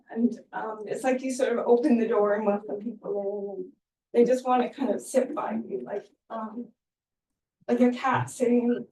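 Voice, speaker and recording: A woman speaking at an academic conference, giving a halting, heartfelt tribute with many fillers, recorded in a lecture room. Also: on the high side, warm tone. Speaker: invited speaker. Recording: echoey room, distant mic.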